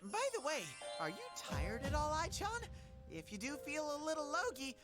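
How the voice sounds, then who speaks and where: A high, sing-song bear boy, all fretting and cheer, as a woman acts him out. The voice bounces up and down with eager, doting warmth. It sounds like a fan reading of a game script. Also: big pitch swings, normal speed, music in the background. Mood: chirpy. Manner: bubbly and fretful, doting on a companion. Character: cheerful, fussy young male bear mascot.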